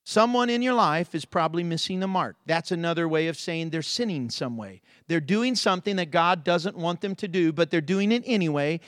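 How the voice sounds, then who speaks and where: High-voiced impassioned male preacher. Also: expressive, a little fast, few pauses, no echo, studio quality. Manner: impassioned preaching, swinging between loud emphasis and hushed storytelling. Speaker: pastor. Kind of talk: sermon.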